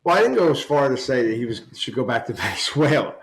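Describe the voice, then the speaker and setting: A man, the show's producer, answering the host casually in a relaxed way. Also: medium pitch, fast talker, gravelly. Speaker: show producer. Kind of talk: casual chat.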